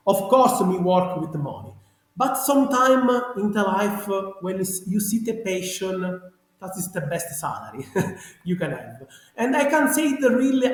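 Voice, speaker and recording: A man with a strong Sicilian accent, Italian native, chatting animatedly as a genealogist guest in broken English. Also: sits high. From Sicily, Italy. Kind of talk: casual interview chat. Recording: very echoey room.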